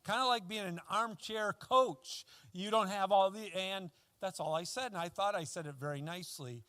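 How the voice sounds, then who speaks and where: A male pastor preaching a sermon in a relaxed, conversational storytelling way, full of fillers and restarts. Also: sits high, moderate pace, smooth, no room sound.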